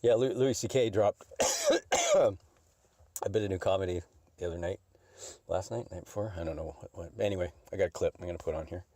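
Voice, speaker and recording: A man's voice: low-pitched, fairly quick, mellow, no echo. A man hosting a solo podcast, rambling and mumbling with a lot of swearing. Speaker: podcast host. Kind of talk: casual solo podcast chat.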